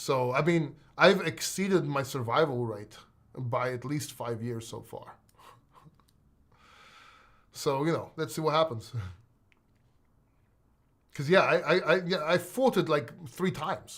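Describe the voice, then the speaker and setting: A man hosting a crypto live stream, speaking in a voice a bit higher than most men's. He is excitable and emotional, and he swears freely. He talks casually and directly to the viewers in his chat. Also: a little slow, pauses often.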